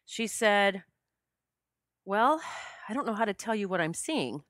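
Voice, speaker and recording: A woman's voice: mid-range voice, lively intonation, a little slow, fairly bright tone, no room sound, studio quality. A middle-aged woman hosting a podcast, telling a personal spiritual story with heartfelt emotion that chokes her up. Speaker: podcast host.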